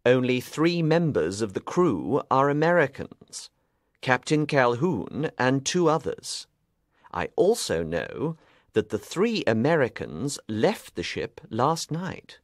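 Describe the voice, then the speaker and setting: A man playing a sharp, determined detective in an audiobook, speaking clearly and deliberately. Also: medium pitch, very animated, no echo, clean studio sound. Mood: explaining. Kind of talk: audiobook reading.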